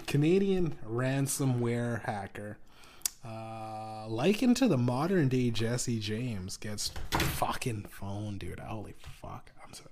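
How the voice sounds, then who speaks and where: A man's voice: medium pitch, expressive, slow pace, a little mellow, a little hiss or hum. Profane rambling man with a sore throat. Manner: profane, rambling, swings from heated to mumbling. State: sore throat, clearing his throat. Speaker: podcast host. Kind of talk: rambling solo podcast rant.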